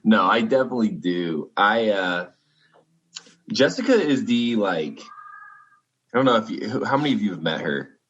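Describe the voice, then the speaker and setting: A man chatting casually on a video call, rambling with halting restarts. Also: fairly low pitch, lively intonation, a bit bright, a little hiss or hum. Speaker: podcast guest. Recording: dull lo-fi video call audio.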